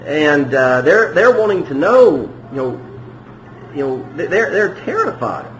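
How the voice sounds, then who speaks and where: A man's voice: a little high, very animated, a little slow, fairly bright tone. A man preaching a verse-by-verse sermon in a conversational way, often asking the congregation questions. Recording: echoey room with faint noise.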